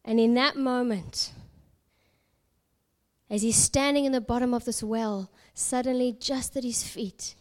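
A high-voiced woman from South Africa preaches by telling a parable. Her delivery is expressive and dramatic, and she sometimes drops to a near whisper for emphasis. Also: a little slow. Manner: expressive, dramatic storytelling with hushed whispered moments. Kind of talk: sermon storytelling.

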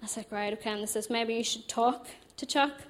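Chatty Northern Irish woman, fairly high voice. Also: brisk. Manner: animated, chatty, laughs often. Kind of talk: personal testimony storytelling.

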